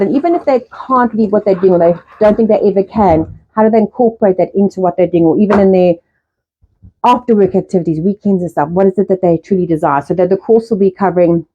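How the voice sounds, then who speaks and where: A woman in her forties hosts a live stream from home, launching into a casual, rambling rant full of swearing and acting out her own reactions. Her mid-range voice is fast and darkish in tone. It's picked up by a phone or laptop mic, leaving the recording muffled.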